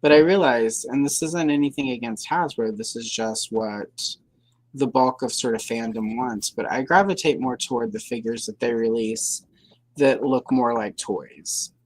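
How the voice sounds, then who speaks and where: With a rumbling low, slightly mellow voice at a moderate pace, a female livestream host chats in a meandering, hedging way, full of fillers and self-corrections and laced with dry sarcasm. The recording is dry and of low quality.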